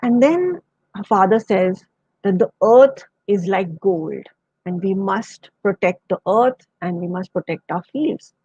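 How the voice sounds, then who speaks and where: A woman telling a children's story, retelling it gently in her own words. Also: medium pitch, expressive, measured pace, slightly rough, no echo, lo-fi sound. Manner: gentle, retelling with quoted voices. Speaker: storyteller guest.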